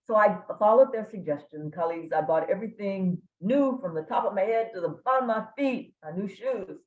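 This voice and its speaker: An older woman from Kentucky giving a guest lecture, telling a humorous story with dramatic pauses. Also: medium pitch, animated. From Kentucky, USA. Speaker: guest speaker. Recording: echoey room, tinny phone-like sound.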